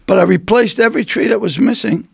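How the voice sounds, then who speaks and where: Gravelly older man telling animated stories. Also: high voice, fast, dry recording, studio quality. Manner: animated, stammering restarts, acts out quotes. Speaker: podcast guest. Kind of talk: comic storytelling. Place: podcast studio.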